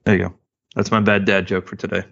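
A man co-hosting a podcast in casual chat, rambling with halting restarts and cracking dad jokes. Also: sits low, flat delivery, creaky, a bit bright, highs cut off. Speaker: podcast co-host.

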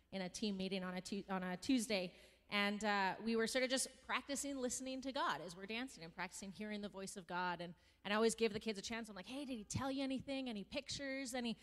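Animated woman sharing in an echoing hall. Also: medium pitch. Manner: animated storytelling, acts out voices in quotes. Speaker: worship dance teacher leading a sharing time. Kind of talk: church testimony sharing. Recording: long reverb of a large room.

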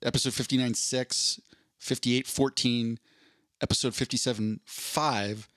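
A man's voice: mid-range voice, steady tone, a little slow, fairly bright tone, dry recording, studio quality. A man co-hosting a podcast in casual chat, playful and joking. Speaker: podcast co-host.

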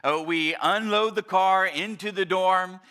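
A male pastor giving a chatty Mother's Day sermon, telling stories with frequent restarts and sometimes going soft and quiet. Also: high-pitched, unhurried, clean tone. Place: church service, also streamed online.

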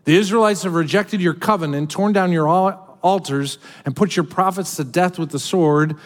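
A man's voice: high voice, normal speed, big-room sound. A man preaching a sermon as a pastor, dramatically voicing scripture and heartfelt prayers.

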